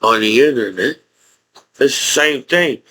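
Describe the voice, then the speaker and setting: A man's voice: mid-range voice, lively intonation, measured pace, bright, forceful tone, low-quality recording. A man with a speech impediment, a disabled combat veteran, ranting to camera in an angry, profane, rambling way with many restarts. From United States. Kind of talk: unscripted rant to camera.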